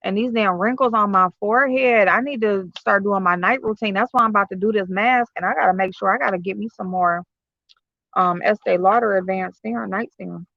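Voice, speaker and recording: A woman streaming casually from home tells stories to her viewers in a loose way, cursing often and leaning on fillers. She talks briskly in a medium pitch, her tone gravelly, pushed, and bright. Recorded with no echo via computer or phone streaming software, the sound is slightly dull lo-fi.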